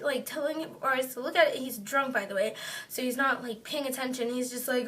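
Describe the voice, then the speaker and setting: A woman's voice: high-pitched, moderate pace, fairly bright tone. A young woman sitting at home, telling a story to her camera in a loose, rambling way full of fillers. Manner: rambling, filler-heavy retelling. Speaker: vlogger. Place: indoors at home, seated on a chair. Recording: distant mic, faint room hiss.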